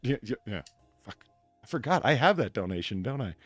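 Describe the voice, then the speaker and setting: A man hosting a casual podcast, chatty and profane, with excitable bursts. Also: mid-range voice, brisk, husky, no echo, faint music behind. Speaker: podcast host.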